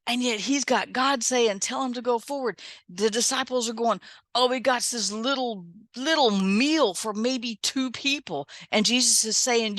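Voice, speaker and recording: A woman's voice: medium pitch, a bit bright, dry recording, clean studio sound. A middle-aged woman minister giving a conversational devotional from her apartment and often asking "right?" as she goes. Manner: conversational, keeps adding "right?". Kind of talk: devotional teaching. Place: home, apartment.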